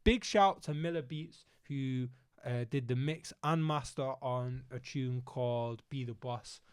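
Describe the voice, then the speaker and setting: A young man with a Manchester accent co-hosting a casual chat show, slangy and quick to laugh. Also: medium pitch, clean tone. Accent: Manchester English. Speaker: podcast co-host.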